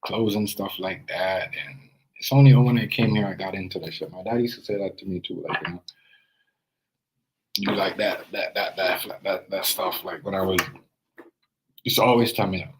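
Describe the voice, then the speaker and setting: A man's voice: deep voice, fairly even intonation, normal speed, slight background noise, rough recording. A young Jamaican man with a Jamaican accent telling his own story in a loose, rambling way, full of fillers and restarts. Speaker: video creator. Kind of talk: casual personal storytelling.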